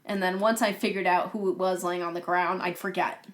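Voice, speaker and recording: A woman's voice: lowish voice, a little fast, very noisy. A young woman co-hosting a podcast, telling a story in casual chat and laughing often as she goes. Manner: animated, laughs through her stories. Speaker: podcast co-host.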